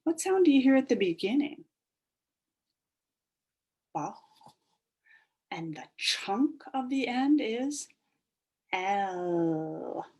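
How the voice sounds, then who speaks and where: A woman teaching a phonics lesson to young children, stretching out sounds in an animated sing-song way. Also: on the high side, drawn-out words, pauses often.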